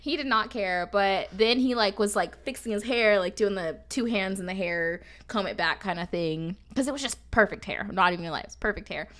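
A young woman co-hosting a podcast in casual chat, telling stories with lively quoted voices. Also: fairly quick, hardly any pauses. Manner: animated storyteller, acts out quotes in a higher voice. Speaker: podcast co-host.

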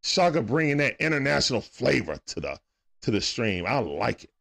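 A man giving casual, excitable play-by-play commentary on a live stream, chatting with his viewers in slang. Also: mid-range voice, normal speed, vocal fry.

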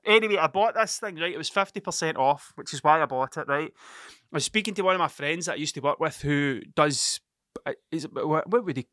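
A man in his forties talks alone on his podcast, wandering from one tangent to the next. He swears constantly and pokes fun at himself. His voice is bright, sits a little high, and sounds dry and close to the mic. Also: no echo. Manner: sweary, rambling, self-mocking. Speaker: podcast host. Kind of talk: solo rambling monologue.

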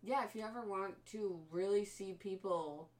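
A woman's voice: medium pitch, moderate pace, far from the mic. A woman casually retelling a horror film plot, swearing freely and mimicking the characters' voices. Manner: profane, animated storytelling with mimicked voices.

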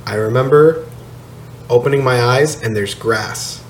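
A man tells a story at a podcast table in a laid-back, profane way, laughing now and then. His voice sits at an ordinary pitch. The room is echoey, with a faint hiss under it. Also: unhurried. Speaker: podcast guest telling a story. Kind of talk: casual storytelling chat. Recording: echoey room, slight noise.

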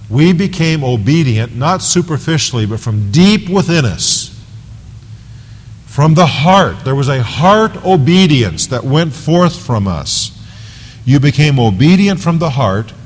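A male pastor preaching an earnest, emphatic expository sermon in a church. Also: medium pitch. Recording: long reverb of a large hall.

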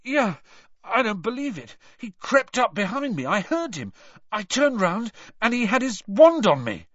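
A man's voice: high voice, sing-song, a little slow, a bit bright, no echo, voice pushed up, exaggerated voice. A man voicing a shaken, breathless teenage boy wizard, in a dull, dry recording. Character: teen boy wizard, shaken after an attack.

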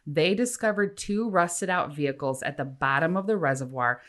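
A woman's voice: deep voice, moderate pace, a bit bright. A woman co-hosting a casual podcast, reading out facts and dropping wry asides. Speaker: podcast co-host.

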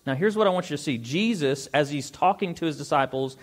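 A man's voice: a little high, expressive. A male pastor preaching a sermon, reading scripture aloud and asking the congregation rhetorical questions. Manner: reads scripture aloud, slows for stressed words.

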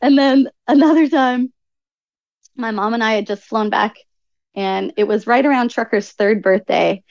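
A woman guest on an interview podcast, telling stories in an animated way and acting out what people said. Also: on the high side, a little slow, creaky, no echo, highs cut off. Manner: animated storyteller acting out quoted speech. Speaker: podcast guest, author and nutritional coach. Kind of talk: conversational interview storytelling.

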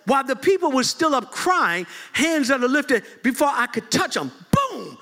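A man preaching a lively storytelling sermon to a congregation in a church, swinging from low asides to loud high shouts and laughing often. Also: normal speed. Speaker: bishop, preacher. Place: church service before a congregation.

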